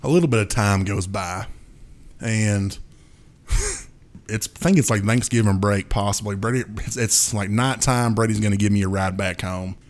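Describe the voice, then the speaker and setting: A man's voice: fairly low pitch, normal speed. Rambling male podcast storyteller. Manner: rambling storyteller, makes sound effects. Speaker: podcast co-host. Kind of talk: casual chat.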